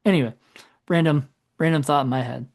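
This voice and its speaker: Here a male podcast co-host talks fairly quickly in a slightly high voice. The conversation is loose and rambling, and he keeps revising what he says before drifting off mid-thought.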